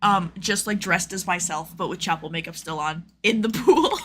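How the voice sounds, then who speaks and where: A woman's voice: on the low side, normal speed, slight background noise. A young woman streaming, chatting casually with lots of fillers and acted-out quotes. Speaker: streamer host.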